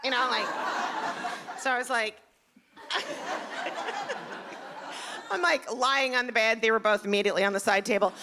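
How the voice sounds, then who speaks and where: A middle-aged woman doing a live stand-up set, chatty and confessional, full of fillers and quick shifts of voice. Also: a little high, very noisy. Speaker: stand-up comedian. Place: comedy club stage. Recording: live stage mic with loud crowd. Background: audience laughter.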